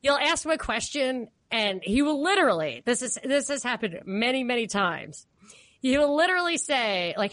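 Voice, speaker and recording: New york lady rambling and laughing on a podcast, kinda high voice, dry close mic. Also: normal speed, dry recording. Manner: laughs often, rambling and animated. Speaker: podcast co-host. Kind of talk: casual political chat.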